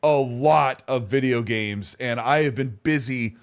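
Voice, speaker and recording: A man hosting a podcast in a chatty, excitable, casual way. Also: mid-range voice, a little slow. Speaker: podcast host. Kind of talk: casual chat.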